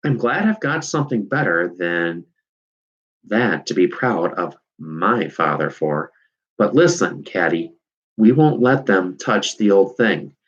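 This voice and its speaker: A man's voice: low-pitched, sing-song, takes it slowly, husky, lo-fi sound, full character voice. A man doing an eager, scheming farm boy. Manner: eager, full of ideas.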